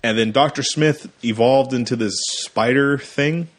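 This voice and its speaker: A man co-hosting a casual movie podcast, talking loosely with a slightly husky, breathy voice. He rambles through the story and breaks into short silly impressions of the characters. The talk sounds unscripted. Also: medium pitch, a little slow. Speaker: podcast co-host. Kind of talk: casual movie review chat.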